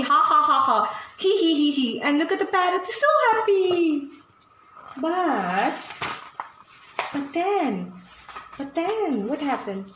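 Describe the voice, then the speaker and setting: High-voiced woman telling a children's story. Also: reverberant, a little hiss or hum, rough recording. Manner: animated, asks the listener questions. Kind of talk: picture-book reading for children.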